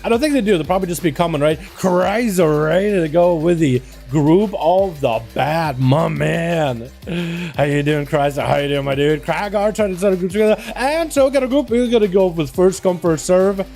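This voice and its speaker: A young man hosting a game livestream, chatting casually and excitably, greeting his chat with lots of slang. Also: a little high, normal speed, vocal fry, soft background music. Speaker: streamer hosting game duels.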